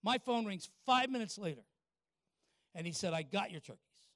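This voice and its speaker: Older preacher, highish voice, folksy, keeps asking the crowd stuff. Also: male voice, lively intonation, fairly bright tone, dry recording, clean studio sound. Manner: folksy, talks to the congregation with quick questions. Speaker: pastor. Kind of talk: sermon storytelling.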